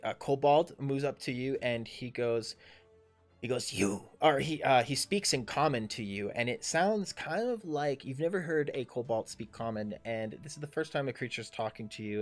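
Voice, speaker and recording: A man in his thirties running a tabletop game as dungeon master, talking in a halting way with many fillers and restarts. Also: mid-range voice. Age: 30s. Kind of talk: narrating a tabletop game livestream.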